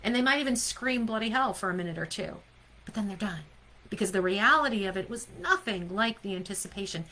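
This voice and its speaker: A woman with a bright, clear voice leads a live online coaching session as a leadership coach. She speaks with emphasis and keeps asking her audience questions. Her pitch sits in a middle range. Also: animated, fairly quick, rough recording. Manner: emphatic, asks the audience questions, often adds "right?".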